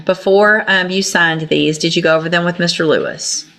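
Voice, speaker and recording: A woman judge speaks in a fairly low voice. She is stern and commanding, reading out formal charges and scolding the defendant. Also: fairly even intonation, normal speed, fairly bright tone. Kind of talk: courtroom proceedings.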